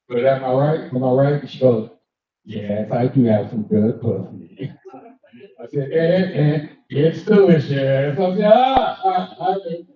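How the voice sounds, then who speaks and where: Profane older stand-up comedian, high voice. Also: male voice. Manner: brash and profane, acting out other people in the story. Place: cigar lounge, live show. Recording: echoey, dull room sound from a distance.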